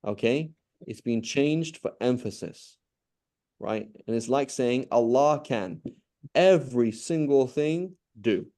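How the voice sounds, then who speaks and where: Man, teacher, mellow warm voice, patient, questioning, repeats points. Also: medium pitch. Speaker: Arabic teacher. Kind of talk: live online class teaching.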